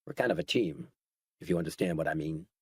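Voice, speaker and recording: A man's voice: extremely low pitch, lively intonation, fast talker, slightly rough, dry recording, studio quality, pitched below the performer's own voice, full character voice. A man voicing a menacing biker gang leader who talks in a mild, soothing, mock-courteous drawl. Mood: oily.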